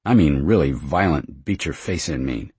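A man voicing a worldly middle-aged mother, blunt and wry. The voice stays very deep and raspy, close and dry, with little change from the reader's own. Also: animated, moderate pace, a little mellow, dry recording, exaggerated voice. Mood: frank. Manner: frank, matter-of-fact, wry.

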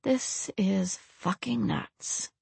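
Give me a panicked young man muttering to himself, as a woman reads him, her voice dropped a little lower and kept quiet and tight. The sound is dry and close to the mic. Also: big pitch swings, normal speed, creaky, slightly rough, no room sound, exaggerated voice. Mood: frightened.

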